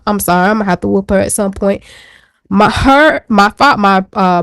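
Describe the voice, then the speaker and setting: A woman's voice: mid-range voice, no echo, clean studio sound. A woman co-hosting a talk show, telling a personal story in a candid, chatty way with slang asides. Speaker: show co-host. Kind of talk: casual chat.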